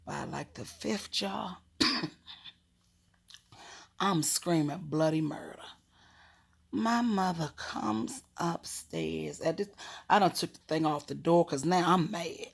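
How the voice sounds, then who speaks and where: A woman from Maryland tells a story from her own life in a lowish, husky voice with a gravelly edge. She talks frankly, swears freely and keeps slipping into whispers to build suspense. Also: takes it slowly, long pauses. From Maryland, USA. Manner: animated, drops to hushed whispers for effect; frank, profane, laughs while telling. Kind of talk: casual personal storytelling.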